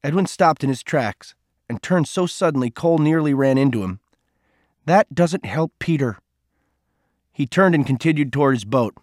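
In a medium-pitched voice, a man narrates an audiobook with a measured, even storytelling delivery. The recording is studio quality, with no room sound at all.

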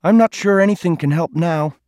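A man's voice: on the high side, fairly quick, darkish tone, no room sound, studio quality, pitched above the performer's own voice, natural voice. A man voicing a stern older man who speaks bluntly and with reproach.

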